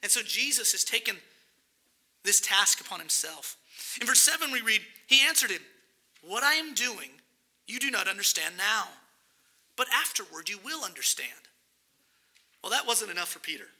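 Male preacher, high and gravelly voice, animated sermon delivery with acted-out scripture scenes. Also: moderate pace, long pauses.

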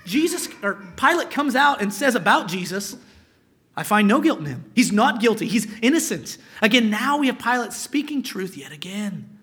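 A man's voice: high-pitched, sing-song, normal speed, fairly bright tone. A male pastor preaching a sermon, reading scripture aloud and explaining it, sometimes dropping to a whisper for emphasis.

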